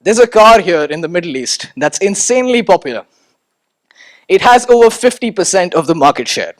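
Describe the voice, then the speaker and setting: High-voiced, animated young man on stage. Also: a little fast. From India. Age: 20s. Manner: animated, rhetorical, repeats words when starting. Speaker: student speaker. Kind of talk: motivational stage talk. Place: stage at a talk event.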